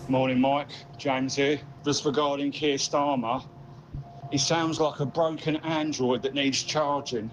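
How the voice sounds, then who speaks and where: A man's voice: medium pitch, level tone, unhurried. A man leaving a voice note for a talk show, recorded on a phone and sounding blunt and mocking. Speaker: caller sending a voice note. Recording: lo-fi voice note with faint hiss.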